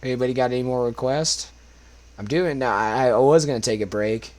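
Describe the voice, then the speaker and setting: A young man fills the gaps between karaoke songs on his stream with rambling, profanity-heavy talk aimed at chat. Worn from smoking, his voice is medium-pitched with a darkish tone and a moderate pace.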